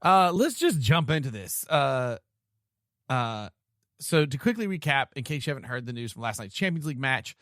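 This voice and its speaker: A man in casual podcast banter, jokey and animated, laughing often. His voice sits in the middle of the usual range. The sound is dry and close. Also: mid-range voice, normal speed, dry recording. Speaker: podcast co-host. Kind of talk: casual chat.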